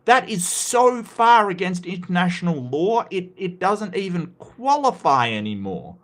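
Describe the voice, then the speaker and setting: A man's voice: high-pitched, big pitch swings, a little slow, a bit bright. An Australian man hosting a livestream, giving an impassioned, casual rant with frequent restarts and repeated words. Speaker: livestream host.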